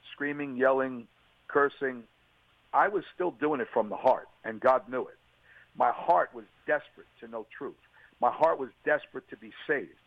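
A man's voice: medium pitch, no echo. A man, an interview guest, giving an earnest and emotional personal testimony on a radio call. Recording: tinny phone line, dry.

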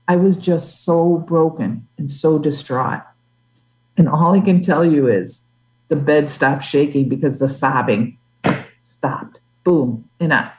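A woman's voice: low-pitched, a little mellow, rough recording. Earnest woman telling her testimony. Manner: earnest, halting storytelling. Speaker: guest. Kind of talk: testimony in an interview.

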